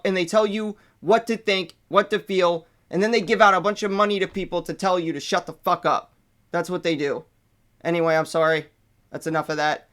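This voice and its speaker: A man hosting his own channel, ranting in an excitable, profane way that swings between hype and anger. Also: high-pitched. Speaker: channel host. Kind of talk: casual vlog rant.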